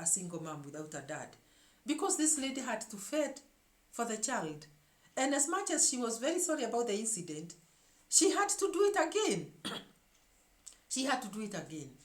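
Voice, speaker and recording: A woman hosting her own show, telling a story to her viewers in an emphatic way and often repeating words as she searches for the next one. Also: mid-range voice. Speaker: show host. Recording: echoey room.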